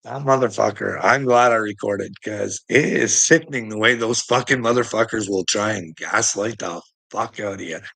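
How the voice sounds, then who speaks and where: A man talks to his livestream viewers in a profane, rambling rant, often breaking off to laugh. His voice is gravelly and husky, with a forceful, tense edge. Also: fairly low pitch, normal speed, few pauses.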